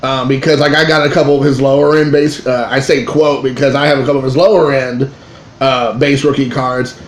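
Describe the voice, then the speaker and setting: A man, a father in his thirties, telling a card-collecting story in a rambling, excitable way with many restarts. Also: medium pitch, a little fast. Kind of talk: casual storytelling to camera. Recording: echoey room with faint ambient noise.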